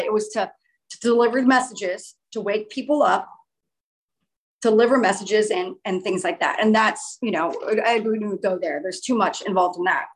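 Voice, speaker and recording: A woman's voice: a little high, rough recording. A woman telling a personal story in an earnest, rambling way, often restarting her sentences.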